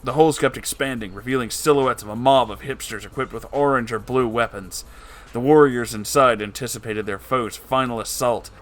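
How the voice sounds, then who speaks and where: A man of medium pitch and a slightly bright tone narrates a storybook tale in a dramatic, theatrical way. Whenever characters speak, he puts on voices for them.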